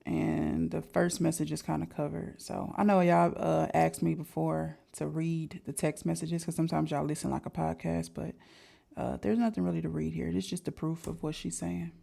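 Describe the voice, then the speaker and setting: A woman's voice: deep voice, little pitch movement, moderate pace, gravelly, dark tone. A woman hosting a reaction channel, giving brief, laid-back asides to her viewers. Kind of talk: casual reaction commentary.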